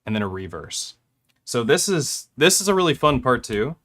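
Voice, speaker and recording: With slight background noise, a young male producer speaks at a moderate pace in a medium-pitched, sing-song, somewhat bright voice. He casually shows how he made a track on his hardware, rambling a little and laughing lightly at his corrections.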